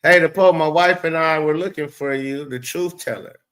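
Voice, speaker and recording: A man's voice: a little high, moderate pace, fairly bright tone. A man hosting a live stream, rambling, profane and blunt as he talks back to his chat. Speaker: livestream host.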